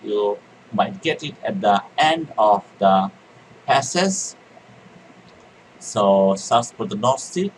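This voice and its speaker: A man's voice: mid-range voice, a bit bright, recorded from a distance, a little hiss or hum, poor audio. A man teaching an exam reading lecture, repeating key words and answering his own questions. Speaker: IELTS teacher. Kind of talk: recorded exam-prep lecture.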